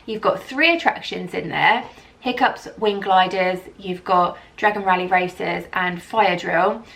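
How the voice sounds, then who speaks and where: A woman chats straight to camera in a travel vlog. Her delivery is gushing and excitable, tumbling into repeated superlatives as her enthusiasm builds. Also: lowish voice, a little slow, gravelly. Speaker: vlogger.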